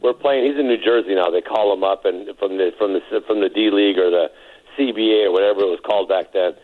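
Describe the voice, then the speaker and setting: A man's voice: low-pitched, fast talker, narrow, tinny audio. A man telling an anecdote in an interview, chuckling as he goes. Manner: chuckling storyteller, lively.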